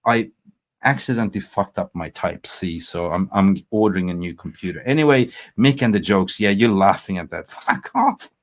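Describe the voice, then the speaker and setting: Rambling, animated football livestream host man. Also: sits low, normal speed. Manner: animated, rambling, laughs at own jokes. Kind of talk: casual livestream chat.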